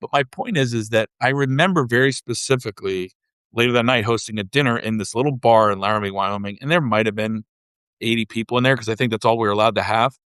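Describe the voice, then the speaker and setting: A man hosting a podcast interview, chatty and quick as he recalls a story and leads into questions. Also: mid-range voice, fairly bright tone, smooth, no room sound, clean studio sound. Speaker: podcast host. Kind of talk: casual interview.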